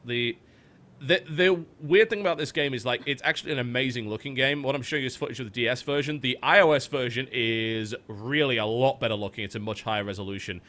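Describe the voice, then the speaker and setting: A man chatting casually on a podcast, talking up games he loves and swearing freely. His voice is bright and tense, at an ordinary pitch for a man. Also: fast. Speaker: podcast host. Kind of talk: casual chat, game recommendations.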